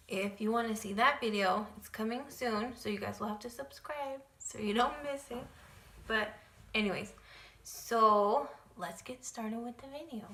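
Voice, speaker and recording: A woman's voice: fairly high pitch, creaky, bright, forceful tone, reverberant. A young adult woman telling a personal story in a casual vlog, chatty and full of "like" and "um". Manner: chatty, lots of "like" and "um" fillers. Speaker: vlogger.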